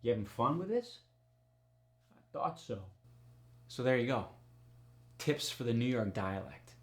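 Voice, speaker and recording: A man teaching a dialect tutorial as an upbeat accent coach, loudly exaggerating the example words he demonstrates. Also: medium pitch, moderate pace, pauses often, reverberant.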